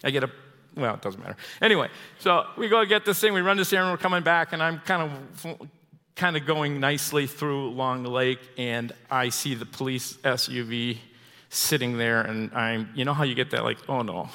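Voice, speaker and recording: Bright-voiced preacher man in echoey hall. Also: mid-range voice, normal speed. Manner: storytelling, chuckling, animated. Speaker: pastor. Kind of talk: sermon. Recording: long hall reverb.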